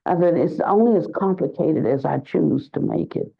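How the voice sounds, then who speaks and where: An older woman giving a dharma talk as a Buddhist teacher, reflective and searching for words, and lively when she tells a story. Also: low voice, moderate pace, vocal fry, slightly rough. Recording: dull lo-fi recording.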